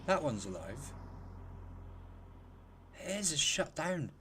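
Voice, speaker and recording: A man hosting a casual live stream, chatty and quick to laugh, greeting viewers by name. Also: on the high side, big pitch swings, sharp tone, slight background noise. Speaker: livestream host.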